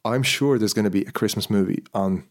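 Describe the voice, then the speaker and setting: A man with a fairly low voice hosts a casual podcast chat, speaking fairly quickly. He rambles through a long story, repeatedly checking in with his listeners along the way.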